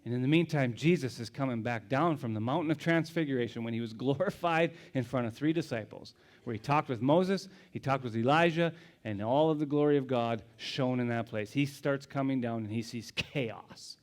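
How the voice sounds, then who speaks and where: A male pastor preaching a sermon, telling the story dramatically, dropping to hushed whispers and rising to loud exclamations. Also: medium pitch, a little fast, hardly any pauses.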